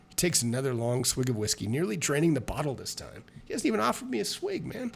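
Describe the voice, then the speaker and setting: A man's voice: a little high, big pitch swings, fast, vocal fry, a little hiss or hum. A man reading a solo tabletop adventure aloud, with chatty, self-mocking asides between passages. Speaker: solo tabletop game player and narrator.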